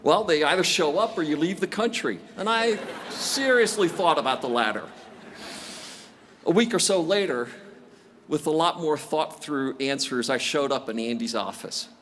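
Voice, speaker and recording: A man's voice: on the high side, expressive, moderate pace, fairly bright tone, a little hiss or hum. A man in his sixties giving a commencement address, telling stories with self-deprecating jokes. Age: 60s. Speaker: commencement speaker. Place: large outdoor graduation ceremony.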